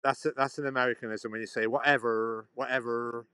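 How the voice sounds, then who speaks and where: A man's voice: medium pitch, steady tone, racing, sharp tone, smooth, dry recording, rough recording. A man rambling on a live stream outdoors, chatting back to his viewers. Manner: chatty, meandering, answers chat questions. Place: outdoors in a sunny town.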